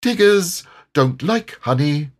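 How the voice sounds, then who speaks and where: A bouncy, boastful tiger speaks in a raised, lively voice, cheerful and sure of himself, as a man acts him out. It is a husky-toned storybook voice with lots of swing in the pitch. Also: measured pace, full character voice.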